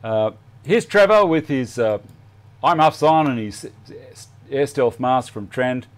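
A man's voice: medium pitch, expressive, slow. Chatty Australian man in his workshop. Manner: chatty, self-deprecating, thinks aloud while working. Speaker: woodworking show host. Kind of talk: live workshop demonstration chat. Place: home woodworking workshop.

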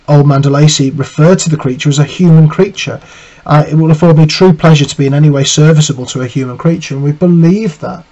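A man's voice: mid-range voice, darkish tone, poor audio. Male teacher explaining a novel. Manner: thoughtful, frequent "you know" fillers and restarts. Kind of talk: literature lesson, reading and analysing quotes.

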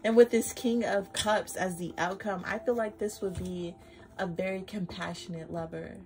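An excitable woman reads tarot cards for her followers in an easy, chatty flow, often swearing and saying y'all. She sits at a middle pitch, and clear music plays under her voice throughout. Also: normal speed. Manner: effusive, swears freely, addresses viewers as y'all. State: flustered and emotional. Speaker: tarot reader. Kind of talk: casual tarot reading vlog.

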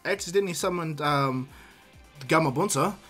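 A stammering, eager boy ninja, as a man puts him on, raised higher than the narration and bursting with apologies and excitement. Faint music plays under the story. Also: normal speed. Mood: nervous.

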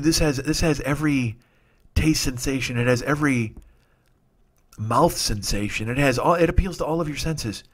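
A man's voice: medium pitch, a bit bright. A man in his forties hosting a comedy podcast, delivering a rambling, profane, nostalgic comic monologue. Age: 40s.

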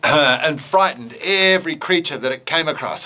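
A man's voice: a little high, moderate pace, few pauses, very noisy. A male educator giving an informal talk on using puppets in teaching, playful and full of fillers and hesitations, then telling a simple story.

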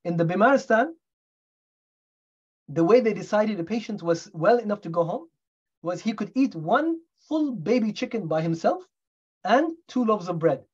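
A man's voice: sits high, animated, moderate pace, pauses often, slightly rough, highs cut off. A middle-aged man from the UK, a doctor giving a talk on medical history in a storytelling way, often asking the audience rhetorical questions. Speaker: guest speaker, doctor.

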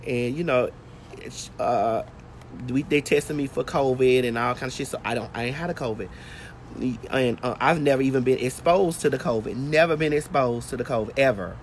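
A woman's voice: very deep voice, moderate pace, slight background noise. A woman hosting a casual phone livestream outdoors while getting her hair braided, telling a brash, profane story. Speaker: host.

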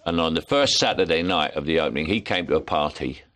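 A man's voice: rumbling low, quick pace. An older man with a London Cockney accent, a jet-lagged actor guest telling anecdotes and laughing often. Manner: animated storyteller, laughs often. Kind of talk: anecdotal interview chat.

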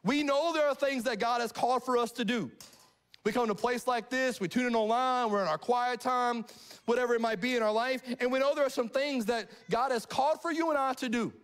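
Middle-aged male pastor with a high-pitched voice, preaching live with animated call-and-response energy. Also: brisk, smooth. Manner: animated, asks the congregation questions. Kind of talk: live sermon. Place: church sanctuary.

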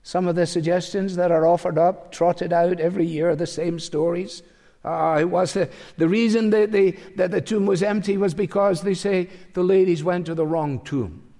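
Older male preacher, fairly high voice, wry and conversational, long reverb from a church hall. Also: steady tone, normal speed, mellow. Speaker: pastor. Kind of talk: sermon.

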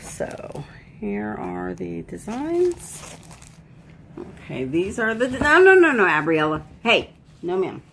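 A woman's voice: mid-range voice, very animated, slow pace, creaky, fairly bright tone, a little hiss or hum. A woman filming her dog and toddler at home, laughing often and talking to them in a sing-song voice. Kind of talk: casual home video chatter.

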